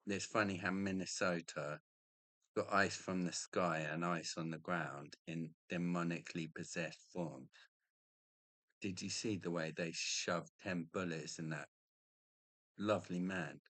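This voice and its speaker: A man's voice: sits low, fairly even intonation, unhurried, fairly bright tone, no room sound. A middle-aged man, ranting in a rambling, profane monologue and tacking on "mate" again and again.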